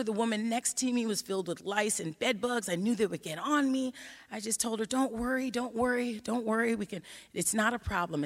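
A woman tells a personal story to an audience, animated and lively, acting out the voices she quotes. Her voice sits in the middle range. A long reverb from a large hall hangs behind her words. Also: medium pitch. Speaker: researcher giving a talk.

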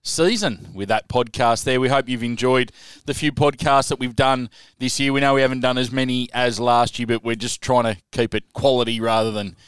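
Give me a smooth-voiced man hosting a relaxed podcast, dry close sound. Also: mid-range voice, normal speed, few pauses, no room sound. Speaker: podcast host. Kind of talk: casual podcast chat.

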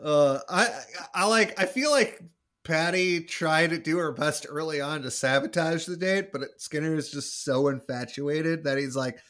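Podcast guy going through the plot, kinda higher voice, dry little jokes. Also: fairly bright tone. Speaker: podcast co-host. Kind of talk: casual chat.

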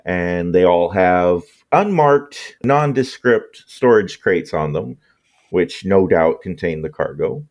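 A man narrating as game master of a tabletop sci-fi game in a relaxed, wry way. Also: sits low, slow pace.

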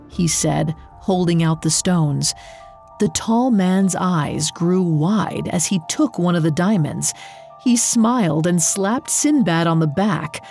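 A woman reading a scripted story in a measured, expressive narrating voice. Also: fairly low pitch, soft background music.

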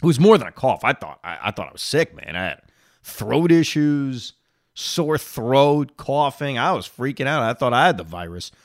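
A man's voice: mid-range voice, normal speed, no echo, clean studio sound. A man hosting a solo reaction podcast, opinionated and talking straight to his listeners, with a lingering cough. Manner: animated, opinionated, talks to listeners directly. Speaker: podcast host.

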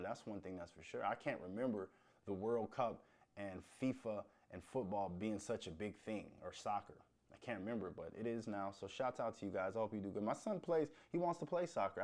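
A man hosting a casual solo podcast, talking bluntly with lots of swearing and joking. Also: on the low side. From United States. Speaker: podcast host.

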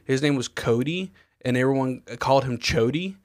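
A man's voice: medium pitch, moderate pace, no echo, studio quality. A man co-hosting a podcast, rambling through stories in casual chat with lots of fillers and swearing. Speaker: podcast co-host.

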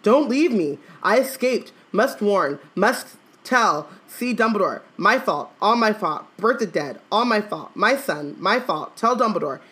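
A woman's voice: low-pitched, brisk, fairly bright tone. A woman reading aloud and voicing an older male official who mutters orders to no one and then pleads in frantic bursts.

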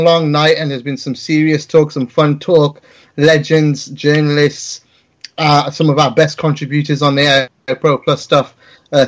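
A man hosting a live podcast, wrapping up the show with casual, sweary thanks to his guests. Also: a little high. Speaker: host.

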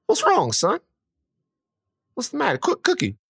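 A booming, hot-tempered cowboy father, put on by a man in a spoken anecdote. The voice jumps far above the teller's own and hollers loudly, and the recording stays dry and close. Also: wildly swooping pitch, a little slow, gravelly, slightly rough, no room sound, full character voice. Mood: puzzled. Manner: loud, hollering, drawling. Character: boisterous cowboy father, quick-tempered, protective.

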